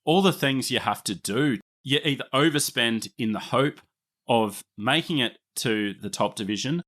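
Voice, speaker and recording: A man's voice: mid-range voice, expressive, moderate pace, a bit bright. A man with an Australian accent hosting a history podcast, explaining at length in a chatty way and laughing easily. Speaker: podcast host. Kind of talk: casual history podcast narration.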